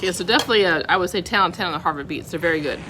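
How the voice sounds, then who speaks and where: A woman with a fairly low voice chats through a casual food review, candid and a little picky, giving every dish a score out of ten. She is recorded at a restaurant table, and clear diner noise runs underneath. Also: racing. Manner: chatty, candid, rates each dish out of ten. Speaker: food vlogger. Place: restaurant dining room.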